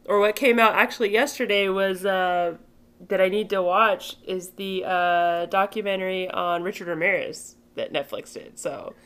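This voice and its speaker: A woman's voice: medium pitch, steady tone, normal speed, fairly bright tone. A woman co-hosting a podcast, chatting in a loose, rambling way. She giggles often and sounds a drink in. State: tipsy. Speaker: podcast co-host. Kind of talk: casual chat.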